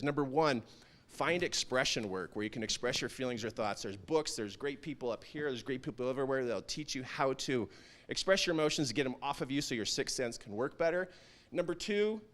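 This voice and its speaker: A man's voice: mid-range voice, fairly bright tone. A man speaking earnestly at a town hall event, emphatic and building to intense peaks. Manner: earnest, emphatic, rising to intense peaks when quoting himself. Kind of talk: motivational talk. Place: event stage.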